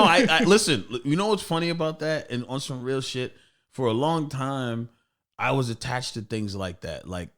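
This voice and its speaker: A man's voice: medium pitch, fairly bright tone. A man hosting a podcast, chatting casually and profanely with many restarts. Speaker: podcast host. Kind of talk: casual chat.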